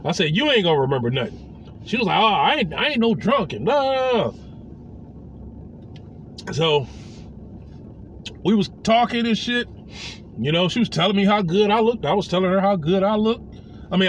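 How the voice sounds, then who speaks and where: Telling a personal story in a relaxed, offhand way, this man has a high voice that swings widely in pitch. He takes on the voices of the people he quotes, and a faint noise sits in the background.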